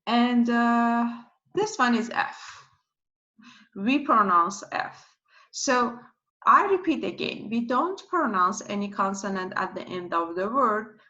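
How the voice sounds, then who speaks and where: A woman giving a slow pronunciation lesson, who repeats each sound patiently several times. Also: medium pitch, bright, forceful tone. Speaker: language teacher. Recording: dull lo-fi recording.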